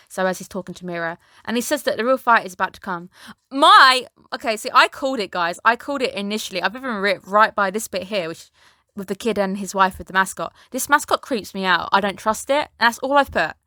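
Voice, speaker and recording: A bright, forward-sounding woman talks through an anime episode in casual recap style, jumping into lively character voices as she retells scenes. Her voice is recorded close and dry, with no room sound around it. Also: medium pitch, no room sound. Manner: chatty, animated, quotes characters in lively voices. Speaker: anime reviewer.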